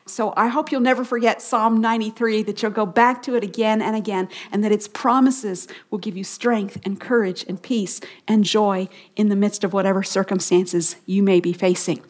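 A middle-aged woman giving a Bible teaching on a radio program, leading listeners in slow call-and-response repetitions of key phrases. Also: mid-range voice, steady tone.

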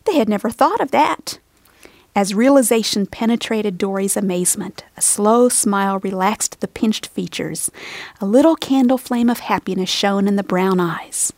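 A woman narrating a storybook in a soft, steady and expressive reading voice. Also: medium pitch, moderate pace, no echo.

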